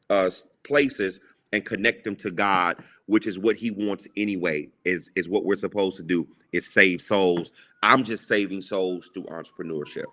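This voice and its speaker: A man's voice: on the low side, bright, forceful tone. A man giving an emphatic, preacherly motivational talk as a guest entrepreneur, repeating lines for emphasis. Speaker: guest, entrepreneur and TV show creator.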